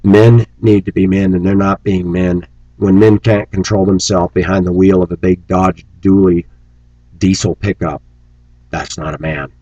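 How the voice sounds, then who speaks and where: A man's voice: fairly even intonation, normal speed, dark tone, dry recording, dull audio. A man delivering an angry, preachy rant on his vlog, scornful and sarcastic. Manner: mocks opponents in shrill put-on voices. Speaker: vlogger.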